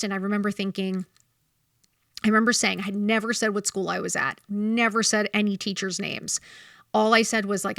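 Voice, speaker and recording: A woman in her fifties telling a story on her podcast, blunt and full of swearing. Her voice sits in an ordinary middle pitch and sounds close and dry, with no room around it. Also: a bit bright, dry recording. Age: 50s. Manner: blunt, profane and heated in retelling. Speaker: podcast host. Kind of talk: candid storytelling chat.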